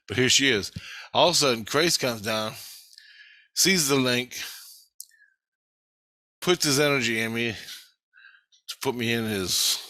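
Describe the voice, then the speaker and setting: A man's voice: fairly low pitch, pushed and bright, dry recording. A middle-aged man in an agitated, rambling vlog monologue, swearing heavily.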